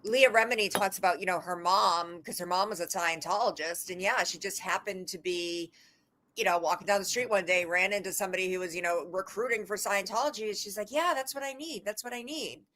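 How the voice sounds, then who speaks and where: A woman panelist speaks in a bright, sharp voice. She jumps in to agree and adds quick stories of her own. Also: medium pitch. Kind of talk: casual panel discussion.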